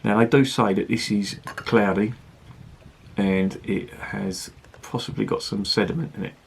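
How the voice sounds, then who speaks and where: Husky, low-voiced beer reviewer. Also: male voice, fairly even intonation, unhurried. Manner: rambling, chatty and sweary. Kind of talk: casual review chat.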